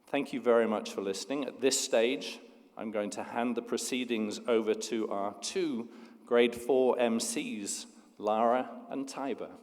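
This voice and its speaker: A man giving a measured, earnest speech at a school ceremony, telling a story to the students in a school hall. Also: medium pitch. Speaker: school leader giving an address. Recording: long hall reverb.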